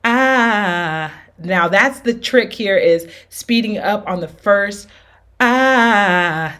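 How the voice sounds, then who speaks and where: A woman teaching an R&B singing lesson with demonstrations, upbeat and encouraging, often checking in with her students. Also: medium pitch. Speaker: vocal coach.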